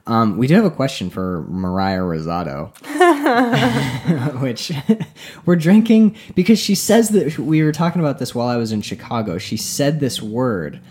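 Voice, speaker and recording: A man's voice: medium pitch, very animated, measured pace, a little mellow. A man co-hosting a casual podcast, rambling with many fillers and restarts. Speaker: podcast co-host. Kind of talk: casual chat.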